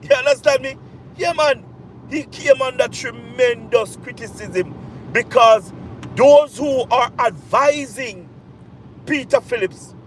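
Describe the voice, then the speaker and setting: A Jamaican man on a livestream, his voice pitched very high for a man as he hammers home each point. He talks slowly and deliberately, repeating himself and asking his listeners if they follow him, with faint traffic noise behind. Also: poor audio. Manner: emphatic and repetitive, with rhetorical check-ins. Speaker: political commentator. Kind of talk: livestream commentary.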